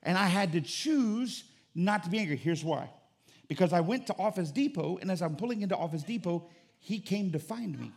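A man's voice: high-pitched, lively intonation, normal speed, creaky, a little mellow. A middle-aged man preaching a sermon as pastor, telling stories and calling on the church for an amen. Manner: storytelling with call-and-response.

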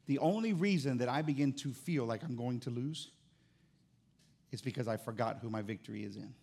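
Gravelly pastor preaching with emphatic repetition. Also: male voice, medium pitch, a little fast. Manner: rising to loud emphatic repetition. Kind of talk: sermon. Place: church service.

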